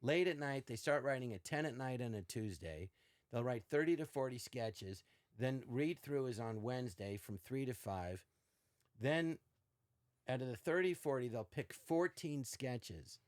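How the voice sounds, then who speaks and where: A man's voice: medium pitch, unhurried, no echo, clean studio sound. An older man, a podcast guest, telling stories in casual chat and acting out quoted lines with shifting voices. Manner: animated, acts out quotes in varied voices.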